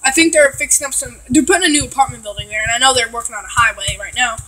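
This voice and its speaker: A woman's voice: on the high side, steady tone, racing, sharp tone, rough recording. A woman from Texas, chatting casually and ranting with lots of swearing and filler words while reacting to a video.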